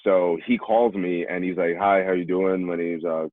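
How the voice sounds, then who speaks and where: A man's voice: low-pitched, fairly even intonation, normal speed, no echo. A young man from New York telling stories as a podcast guest, acting out the voices of people he quotes. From New York, USA. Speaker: podcast guest, former college running back. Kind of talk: casual storytelling. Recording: tinny phone-like remote line, dry.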